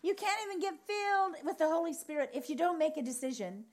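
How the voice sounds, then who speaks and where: Woman preacher, high voice, animated and emphatic, charismatic sermon style. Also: quick pace. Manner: animated storytelling, acts out other people's reactions; emphatic, repeats phrases for effect.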